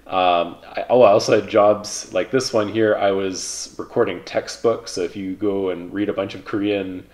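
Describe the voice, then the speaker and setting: A man in his thirties casually telling stories about his past, relaxed and rambling, with lots of fillers. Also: deep voice, normal speed. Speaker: vlogger, pilot. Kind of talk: casual reflective storytelling.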